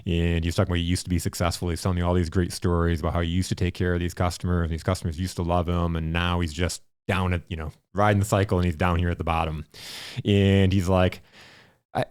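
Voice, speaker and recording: A man's voice: low voice, smooth, no room sound, clean studio sound. A man hosting a podcast, telling blunt, profane stories in casual chat. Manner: animated storyteller, blunt and profane. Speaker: podcast host.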